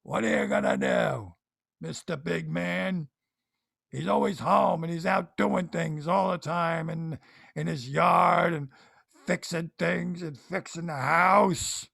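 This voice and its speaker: A man's voice: on the high side, lively intonation, takes it slowly, vocal fry, a bit bright, husky, dry recording, studio quality, exaggerated voice. A man voicing a grumpy suburban guy ranting about his handy neighbor, exasperated. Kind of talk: stand-up style comic rant.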